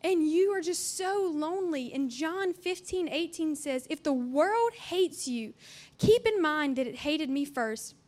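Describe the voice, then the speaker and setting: High-voiced young woman preaching to youth. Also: expressive, measured pace, darkish tone. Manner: chatty and earnest, with playful asides and acted-out dialogue. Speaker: youth camp speaker. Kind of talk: conversational youth sermon.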